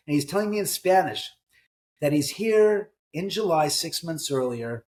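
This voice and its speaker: A man's voice: a little high, lively intonation, normal speed, darkish tone. A middle-aged man, an author, telling ghost stories in a casual interview, acting out quoted voices and swearing now and then. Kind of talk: conversational storytelling in an interview.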